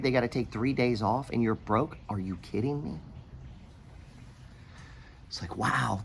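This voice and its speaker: A man's voice: medium pitch, a little hiss or hum. Blunt, swearing middle-aged man ranting. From United States. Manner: blunt, profane, rambling, preachy. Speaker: podcast host giving money advice. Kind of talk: unscripted motivational rant.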